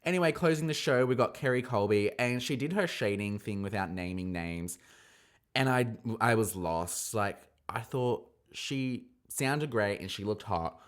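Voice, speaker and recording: A man hosting a casual review podcast, talking in a gossipy, animated way with sudden excited squeals. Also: on the low side, a little slow. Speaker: podcast host reviewing a drag competition.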